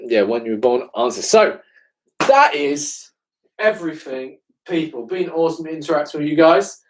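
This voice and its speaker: A man's voice: a little high, animated, moderate pace, rough recording. A young man in his twenties with an English accent, chatting casually as a fitness coach answering live-stream questions. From England. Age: 20s. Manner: laid-back, fills with "man" and "obviously".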